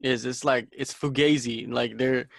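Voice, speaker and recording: A man's voice: mid-range voice, steady tone, measured pace, gravelly, slight background noise. A man co-hosting a casual podcast, speaking bluntly and swearing freely. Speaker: podcast co-host. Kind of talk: casual chat.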